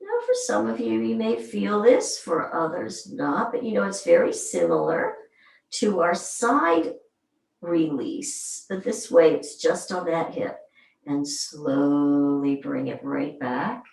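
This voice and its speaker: A woman leading a gentle somatic movement class, calmly guiding each move and counting slowly aloud. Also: sits low, creaky. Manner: slow, soothing, counts aloud. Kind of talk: guided exercise class. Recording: roomy sound, mic at a distance.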